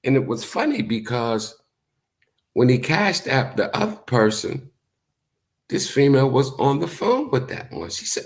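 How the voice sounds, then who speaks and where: A man talking casually to his livestream viewers, telling stories in a loose, profane way and acting out what other people said. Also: unhurried. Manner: animated storytelling, acts out quotes in high voices; profane, laid-back. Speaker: YouTube streamer. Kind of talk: casual live-stream commentary.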